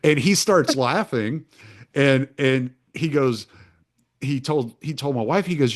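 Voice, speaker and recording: A man's voice: medium pitch, measured pace. A middle-aged American man hosting a podcast, chatting casually and telling rambling stories with lots of restarts and laughter. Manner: rambling storyteller with many restarts, laughs often. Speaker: podcast host. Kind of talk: casual chat.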